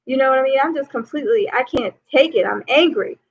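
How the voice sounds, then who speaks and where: A woman life coach talks through relationship advice, fairly high in pitch with a gravelly edge of vocal fry. Her delivery is loose and chatty, full of "you know". The sound is tinny and narrow, as if heard over a phone line. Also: fast, a little hiss or hum. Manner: conversational, peppered with "you know".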